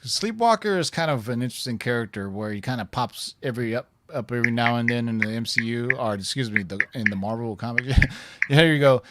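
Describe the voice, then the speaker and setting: A man's voice: medium pitch, fairly quick, fairly bright tone, slight background noise. A man co-hosting a casual live stream, reading viewer questions and rambling with self-corrections and chuckles.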